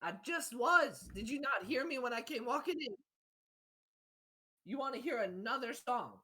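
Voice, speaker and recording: A woman's voice: on the high side, lively intonation, moderate pace, pushed and bright, slightly rough, voice pushed up, exaggerated voice. A woman voicing a cheerful traveling male singer who boasts and chatters. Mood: boastful.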